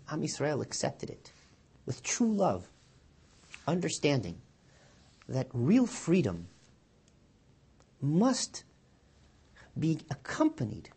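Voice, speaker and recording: A man, a rabbi, giving a weekly Torah sermon, telling a story with lively quoted voices and then dropping low and quiet to draw the lesson. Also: breathy edge. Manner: animated storyteller, loud and high when quoting.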